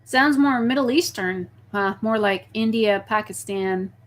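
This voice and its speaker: A young woman chatting casually on a live stream, reading viewer messages and telling stories with lively outbursts. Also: medium pitch, measured pace. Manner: chatty, reads viewer messages, talks to her pet snake in a soft baby voice.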